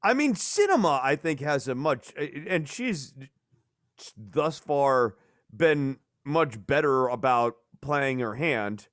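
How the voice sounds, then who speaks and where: A man hosting a casual political podcast, talking in a rambling, animated way and swearing for emphasis. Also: medium pitch, slow, no echo, clean studio sound. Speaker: podcast host.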